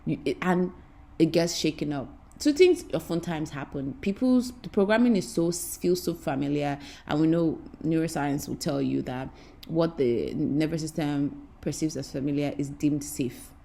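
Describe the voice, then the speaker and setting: A woman's voice: sits low, normal speed, vocal fry, dark tone. A woman speaking as a spiritual teacher in an impassioned, repetitive, preacherly way, addressing her listeners directly. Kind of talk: spiritual talk to camera.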